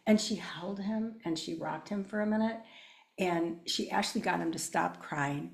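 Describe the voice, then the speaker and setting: A woman's voice: on the low side, moderate pace, gravelly, reverberant. An older woman, a guest specialist, telling personal stories in casual conversation and acting out the voices of people she quotes. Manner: animated, acts out quoted voices. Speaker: guest, child mental health specialist.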